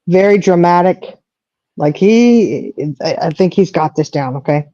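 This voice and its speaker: A woman's voice: fairly low pitch, unhurried, dry recording. Chatty woman on a dull mic. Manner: chatty storyteller, animated quoting. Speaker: co-host. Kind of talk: casual chat on a livestream. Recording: dull lo-fi audio.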